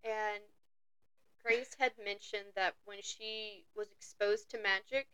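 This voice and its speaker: A woman co-hosting a podcast, chatting excitably about a book and acting out lines in little voices. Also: mid-range voice, slow pace, clean tone, no echo, rough recording. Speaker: podcast co-host. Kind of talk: casual book discussion.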